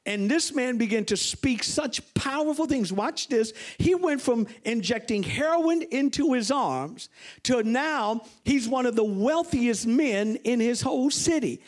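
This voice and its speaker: A middle-aged man preaching as a bishop, telling stories with animated delivery and high exclamations. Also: unhurried. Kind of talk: sermon.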